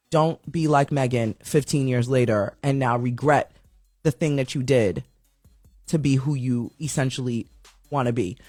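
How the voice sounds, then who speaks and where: A woman's voice: low voice, dry recording, studio quality. A woman hosting a podcast, casually running through celebrity news headlines in a chatty, slangy, self-mocking way, sometimes tripping over her words. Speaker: podcast host.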